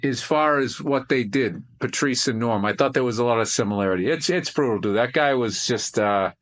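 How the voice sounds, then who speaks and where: A man's voice: medium pitch, fairly quick, a bit bright. A man guesting on a video call chat, rambling and reflective, with frequent swearing and restarts. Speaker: comedian guest. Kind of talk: casual chat.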